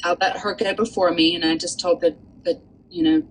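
Earnest lower-voiced woman telling a story. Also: brisk, slight background noise, low-quality recording. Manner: earnest, animated storyteller with many fillers. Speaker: author and guest. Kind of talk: storytelling in a casual chat.

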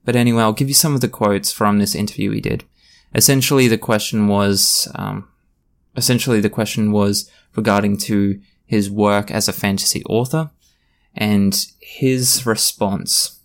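A man's voice: on the low side, gravelly. A man hosting a solo podcast, talking in a blunt, passionate, ranting way. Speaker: podcast host.

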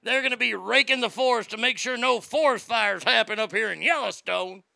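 A late-forties man hosts a live show in a crude comic rant, jumping from loud outbursts to low mutters. His voice sits high with a gravelly rasp and a sharp, bright edge. The sound is dry and close. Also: fairly quick, no echo. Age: late 40s. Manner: profane, mocking, swings between loud outbursts and mutters.

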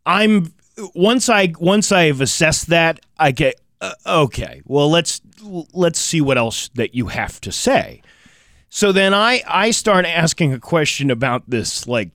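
A man casually telling a personal anecdote on a talk show, animated and acting out what people said. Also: fairly high pitch, slow, dry recording, clean studio sound. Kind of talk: casual chat.

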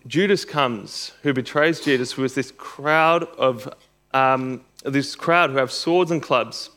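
A man preaching a sermon, reading scripture aloud and explaining it, rising for emphasis. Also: a bit bright. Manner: expository preaching, reads scripture aloud, rises in pitch for emphasis.

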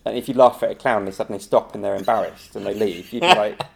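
This improv teacher, a male guest, talks fast in a lowish, creaky voice with a breathy edge. The chat is casual and full of anecdotes, which he delivers with animated storytelling, frequent laughter, and acted-out quotes.

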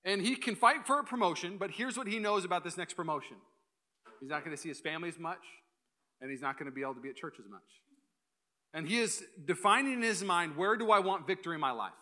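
A young male pastor preaches in quick, energetic bursts, his voice bright and forceful. He keeps slipping into playful asides before driving the point home, pitched a touch high for a man. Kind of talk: sermon. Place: church hall.

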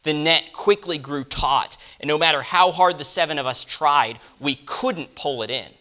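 A man delivering a first-person dramatic monologue, reflective and often dropping to a hush. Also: a little high, normal speed. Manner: reflective, dropping to hushed tones. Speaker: storyteller.

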